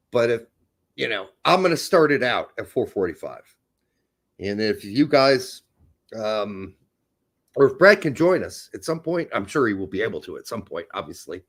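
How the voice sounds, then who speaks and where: A man hosting a casual live stream, joking and teasing his co-host. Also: mid-range voice.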